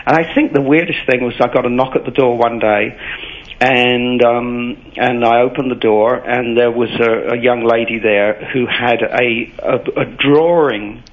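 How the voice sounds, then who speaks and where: A man's voice: medium pitch, steady tone. English man in dull radio sound. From England. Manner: self-deprecating, playful, breaks into quick accent impressions. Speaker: guest. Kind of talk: casual chat.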